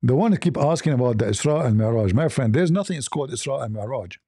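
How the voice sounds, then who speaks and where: Sarcastic man with a lively, dark voice. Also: medium pitch, fast talker, dry recording, studio quality. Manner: sarcastic, challenging, rhetorical questions. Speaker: online debate show host. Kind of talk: polemical commentary.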